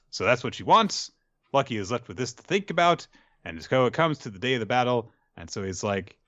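A man's voice: medium pitch, lively intonation, moderate pace, fairly bright tone, dry recording. Male podcast host, chatty recapper, dry close sound. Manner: chatty, joking asides. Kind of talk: casual manga recap. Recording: dull lo-fi recording.

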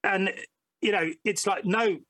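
A man's voice: sits high, steady tone, measured pace, bright, forceful tone, no echo. A man talking casually as a podcast guest, telling stories in a rambling way with many fillers. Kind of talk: casual conversation.

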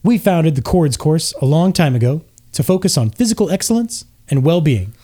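A man putting on a bright, peppy male half-elf pitching his resort in a tabletop game commercial, his voice pushed well above his own. He sells it hard and cheerfully. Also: animated, normal speed. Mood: upbeat salesy.

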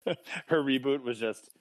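A man's voice: mid-range voice, slow. A man co-hosting a podcast in casual chat, rambling through stories with chuckles. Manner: rambling storyteller, many restarts and chuckles. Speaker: podcast co-host.

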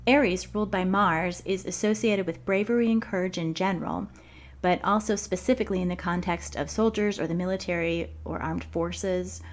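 A woman hosts her own podcast and reads from a prepared script. Her voice sits a little low for a woman. She reads in a measured, clear way. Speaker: podcast host. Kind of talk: reading a prepared script with book excerpts.

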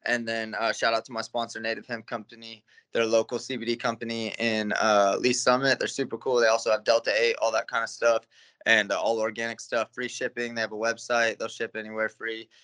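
A man's voice: lowish voice, flat delivery, fairly quick, bright, forceful tone, clear, resonant tone. A young man, a guest fighter, telling stories in a laid-back, casual interview, with plenty of fillers and swearing.

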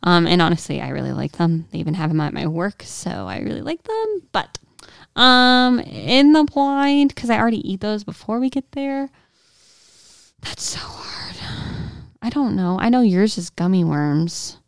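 A woman's voice: medium pitch, lively intonation, moderate pace, creaky, smooth, dry recording, clean studio sound. Giggly young woman, casual chat. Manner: giggly, rambling, lots of "like". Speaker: podcast co-host.

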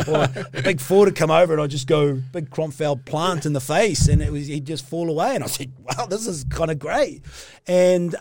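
A man's voice: fairly high pitch, darkish tone, dry recording. A middle-aged man, a former rugby player telling his story in a casual interview, rambling with many fillers and restarts.

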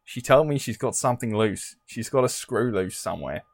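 A man's voice: mid-range voice, expressive, moderate pace, no echo. A British podcast host putting on an Australian accent to play a blunt man repeating a warning, swearing loosely. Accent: put-on Australian.

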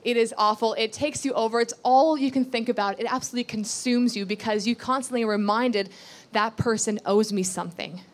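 A woman's voice: a little high, fairly even intonation, fast talker, few pauses. A woman giving a sermon, reading scripture aloud and explaining it earnestly, repeating key phrases and asking rhetorical questions. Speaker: Bible teacher.

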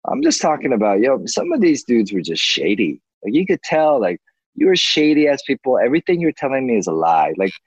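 A man's voice: mid-range voice, huge pitch swings, fairly quick, husky, no room sound, poor audio. A man in his forties in casual chat, ranting heatedly and swearing freely. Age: 40s.

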